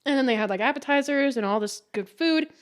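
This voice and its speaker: A woman's voice: sits high, quick pace. A young woman hosting a podcast, telling stories in a casual chat, swearing and laughing often. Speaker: podcast host.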